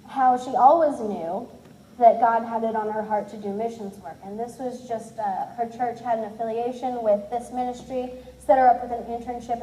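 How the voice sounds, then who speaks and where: A woman in her twenties tells a personal story in a candid, self-deprecating way, slipping into the voices of the people she describes. Her voice sits a bit high and sounds mellow rather than bright. It is recorded in an echoey room. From Cincinnati, USA. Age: 20s. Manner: candid, self-deprecating, acts out others' lines. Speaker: speaker sharing her testimony.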